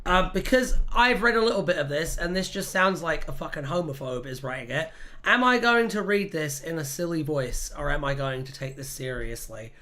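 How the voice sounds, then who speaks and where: A livestream host chatting casually with live viewers, talking in quick, sweary asides. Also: medium pitch, expressive, sharp tone.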